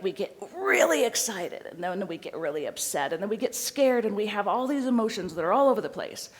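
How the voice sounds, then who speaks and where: Woman, dog trainer, live seminar talk, animated, addresses the audience, mid pitch. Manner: animated, addresses audience directly with tag questions.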